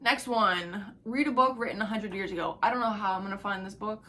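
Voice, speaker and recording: A young woman rambling casually to camera about her reading goals, excitable and profane, trailing off into half-whispered asides. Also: medium pitch, fairly quick, a little hiss or hum. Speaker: book vlogger.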